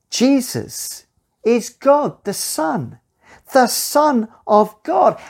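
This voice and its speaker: A woman leads a children's Bible talk, her voice rising and falling in wide, lively swings. She takes her time and speaks slowly and deliberately. Her delivery is animated and expressive, always aimed at the children. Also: fairly high pitch. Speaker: children's talk leader at church.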